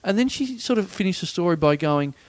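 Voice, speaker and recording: Lively man telling a rambling story. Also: sits high, brisk, no echo. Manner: rambling, animated, swearing. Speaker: podcast guest. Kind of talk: casual comedic storytelling.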